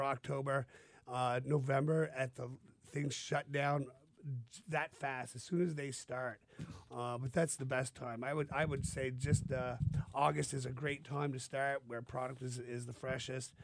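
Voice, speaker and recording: A man's voice: mid-range voice, level tone, measured pace, vocal fry. A man guesting on a radio show, talking about his small business in a friendly, rambling way. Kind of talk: casual radio interview. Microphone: studio microphone.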